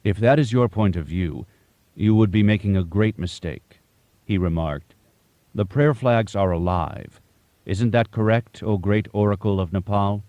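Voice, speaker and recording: A man voicing a calm, cryptic Buddhist master who speaks gently, with certainty and teasing questions. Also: fairly low pitch, measured pace, no echo, highs cut off, lightly acted.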